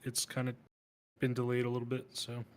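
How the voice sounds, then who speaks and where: A man talks in a very flat, monotone voice that is smooth and clear. He chats casually on a stream, keeping his delivery dry and even. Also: mid-range voice, fairly quick. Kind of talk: casual chat.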